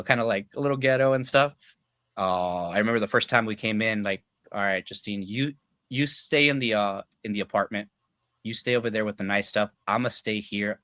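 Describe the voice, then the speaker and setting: Studio-quality and dry, this recording features a young adult man with a fairly low, slightly bright voice. As a podcast guest, he loosely recounts personal stories, cursing freely, relying on fillers, and acting out what others said.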